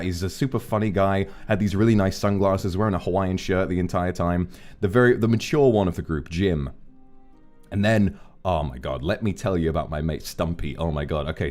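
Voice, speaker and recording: A man streaming, telling rambling, profane stories about his friends in a casual chat. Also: deep voice. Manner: rambling, profane, animated anecdotes. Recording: faint background music.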